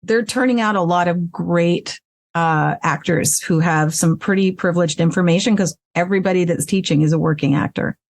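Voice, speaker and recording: A woman's voice: on the low side, moderate pace, no echo. A woman voice actress talking frankly and with animation as an interview guest, swearing freely, recorded in her home recording space. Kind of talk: casual interview chat.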